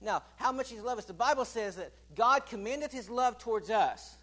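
A man preaching a sermon with a notably high voice. He swings from loud, emphatic declarations down to hushed, low asides, and keeps putting questions to the congregation and calling for answers. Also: expressive, normal speed. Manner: asks the congregation questions and calls for responses.

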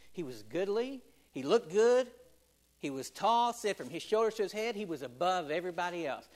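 A male pastor preaching a sermon in an animated, conversational way, joking with the congregation. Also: high voice.

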